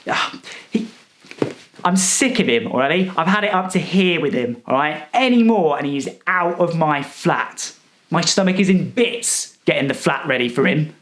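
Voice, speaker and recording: A man's voice: a little high, lively intonation, normal speed, fairly bright tone, echoey room. A man telling a comic story as a rude, boastful character, sarcastic and fed up. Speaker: comedic storyteller.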